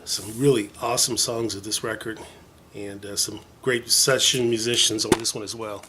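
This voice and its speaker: A man's voice: fairly low pitch, steady tone, normal speed, background noise. A man casually showing off his record collection in a vlog, enthusiastic and rambling, full of fillers and jokey asides. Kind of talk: casual show-and-tell vlog.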